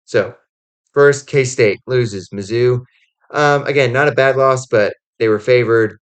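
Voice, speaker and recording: A man's voice: medium pitch, slow pace, smooth. A man giving casual college football commentary, rambling with lots of "like" and "um" and acting out quotes as he goes. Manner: rambling, heavy on "like" and "um" fillers; animated storytelling with acted-out quotes. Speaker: college football podcast host.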